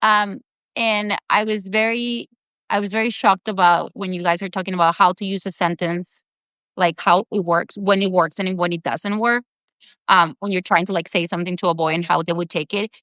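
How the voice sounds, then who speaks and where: A woman host asks questions in a casual interview. Her voice sits on the low side and the sound is dry and close. She hesitates and hunts for words mid-sentence. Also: fairly even intonation, moderate pace, sharp tone, no room sound.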